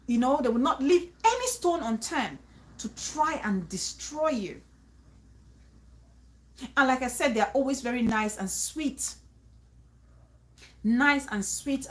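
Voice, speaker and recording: A woman talking to her viewers, emphatic and repetitive, often restarting phrases and urging them to trust her. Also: fairly high pitch. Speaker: vlogger giving advice. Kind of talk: casual talk to viewers.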